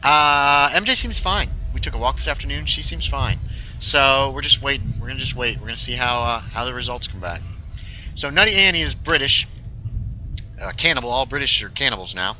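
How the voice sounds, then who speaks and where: A man's voice: mid-range voice, animated, fairly quick, pushed and bright, low-quality recording. A man chatting casually while streaming a story game, joking with his viewers. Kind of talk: casual gaming livestream commentary.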